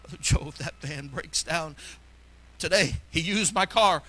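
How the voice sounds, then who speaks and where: A middle-aged pastor preaching with fervor in a high, very bright voice. He drives his points home loudly, then drops into low, quiet asides. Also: measured pace, no room sound. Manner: fervent, swings from loud exhortation to low asides. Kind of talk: preaching a sermon.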